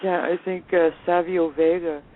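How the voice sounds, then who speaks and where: A woman's voice: lowish voice, normal speed. Laughing woman on a tinny phone line. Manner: laughing, animated anecdotes. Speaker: guest. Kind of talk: casual storytelling on a phone interview. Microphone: telephone.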